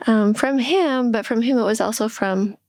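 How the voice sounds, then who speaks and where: A middle-aged woman co-hosting a podcast, speaking candidly and reflectively, often pausing and restarting her sentences. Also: a little high, darkish tone, dry recording. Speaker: podcast co-host.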